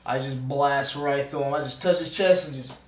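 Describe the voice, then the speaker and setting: A man's voice: mid-range voice, moderate pace. A man playing a tabletop game, describing his character's attacks in a dry, matter-of-fact way. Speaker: player. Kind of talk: casual tabletop game chat. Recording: roomy, distant mic.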